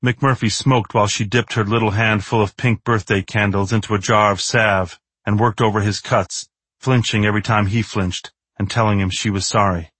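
A man narrating a novel in the first person in a measured, steady, understated way. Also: lowish voice, breathy edge, no echo. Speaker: audiobook narrator.

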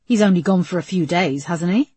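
Lady doing a coaxing male detective, pushy but soft, low husky voice. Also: brisk, no echo. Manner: coaxing, pressing. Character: calm, persistent male police detective.

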